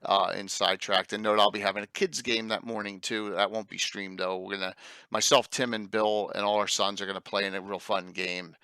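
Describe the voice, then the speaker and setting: A man's voice: on the low side, fairly even intonation, fairly quick, bright, forceful tone, clear, resonant tone, dry recording. A man hosting a casual livestream sign-off, chatty and rambling, often repeating his words. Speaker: stream host.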